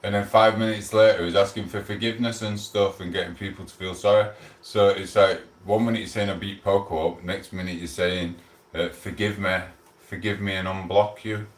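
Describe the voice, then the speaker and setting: A chatty man hosting a live stream from home, wandering from topic to topic. His voice sits low, and it comes across roomy and set back from the microphone. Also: flat delivery, brisk. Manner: rambling, chatty, reads out chat messages. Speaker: livestream host. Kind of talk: casual live-stream chat. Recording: roomy and distant from mic.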